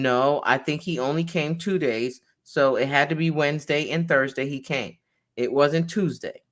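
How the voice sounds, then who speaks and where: A woman attorney reading a court transcript aloud, calling out each speaker's name before their line and pausing to explain it. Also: very deep voice, fairly bright tone.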